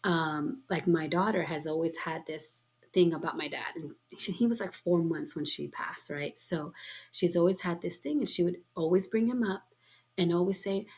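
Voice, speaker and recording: Expressive middle-aged woman sharing a story. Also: fairly low pitch, moderate pace. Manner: expressive storyteller, exclaims often. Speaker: podcast host. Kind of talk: heartfelt casual conversation.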